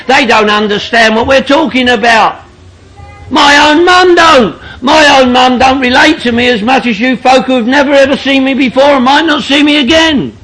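High, bright-voiced man telling jokes. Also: low-quality recording. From London, England. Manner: blunt, joking, swears freely, laughs through lines. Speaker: speaker sharing at a recovery meeting. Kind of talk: comic storytelling to a group.

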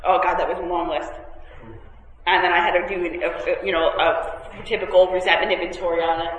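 A woman's voice: lowish voice, level tone, fairly quick, dull audio. A woman telling a meeting group about her recovery, with self-mocking humor and many fillers and restarts. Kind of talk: candid talk to a group. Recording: echoey hall, faint noise.

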